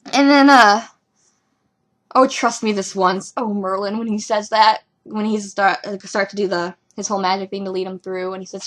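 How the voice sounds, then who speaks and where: A young woman talking casually as a fan reviewing a TV episode, rambling and excitable with lots of ums and likes. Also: on the high side. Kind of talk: casual fan reaction commentary.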